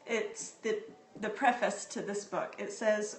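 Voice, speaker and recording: A woman's voice: mid-range voice, fairly even intonation, unhurried. Chatty middle-aged woman, echoey room. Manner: chatty and heartfelt, with frequent ums. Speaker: livestream host sharing books. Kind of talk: casual live-stream book talk. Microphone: phone. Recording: echoey room, phone mic.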